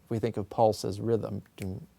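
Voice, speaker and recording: This composer and music theorist, interviewed in his office, speaks a little slowly in a warm, creaky, medium-pitched voice. He muses thoughtfully over ideas about sound, illustrating them with sung examples.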